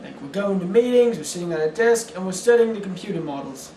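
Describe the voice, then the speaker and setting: A man's voice: high-pitched, expressive, fast, warm tone, roomy sound, distant mic, slight background noise, rough recording. A young man playing a British astronomer in an amateur skit, earnest and stumbling over his words. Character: pompous British male astronomer being interviewed. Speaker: interviewee in a school project skit.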